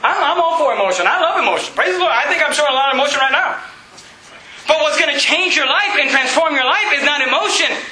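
High, bright-voiced fiery male preacher. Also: lively intonation, fast. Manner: preaching, shouting, laughing between lines. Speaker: pastor. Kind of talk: fiery sermon. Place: church hall. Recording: echoey church room.

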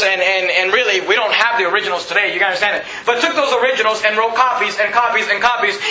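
A man's voice: very high-pitched, bright, forceful tone. A man preaching a sermon, emphatic and repetitive, quoting scripture and putting questions to the congregation. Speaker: pastor. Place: church sanctuary. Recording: echoey, dull sanctuary recording.

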